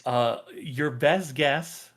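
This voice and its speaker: Male game master, unhurried, hesitant delivery full of fillers, mid-pitched. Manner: halting, many ums and uhs. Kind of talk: narrating a tabletop game.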